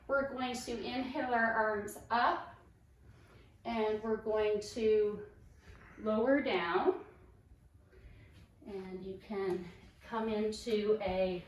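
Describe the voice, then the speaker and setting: A woman fitness instructor guiding a yoga class with calm, encouraging step-by-step cues. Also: on the high side, distant mic. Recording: echoey room, voice off-mic.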